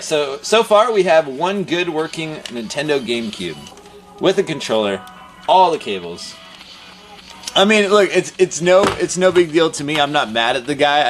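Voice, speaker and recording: A man who owns a game store, chatting casually on a livestream and rambling through stories. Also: medium pitch. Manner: rambling storyteller, laughs and animated quoting. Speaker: game store owner and streamer.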